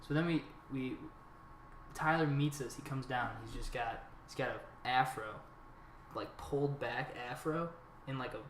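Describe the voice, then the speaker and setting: A man co-hosting a loose, casual podcast. He tells an animated, profane story and slips into the voices of the people in it. The room is echoey and a faint noise runs under his voice. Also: mid-range voice, a little slow. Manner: animated storyteller who acts out quotes, swears freely. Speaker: podcast co-host. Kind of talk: casual chat.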